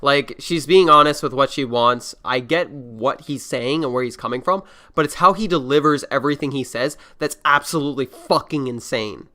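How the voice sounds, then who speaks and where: A man's voice: medium pitch, moderate pace, few pauses, bright, forceful tone. A man hosting a casual reaction podcast, rambling and swearing freely. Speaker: podcast host.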